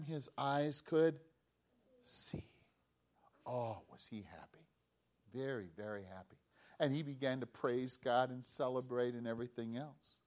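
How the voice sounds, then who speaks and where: A man giving a storytelling sermon to children, animated, acting out the voices of the people in the story. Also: mid-range voice.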